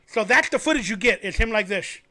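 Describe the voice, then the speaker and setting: A man hosting a fan livestream, telling a story in an animated, rambling way. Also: high-pitched, a little fast. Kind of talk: casual sports commentary.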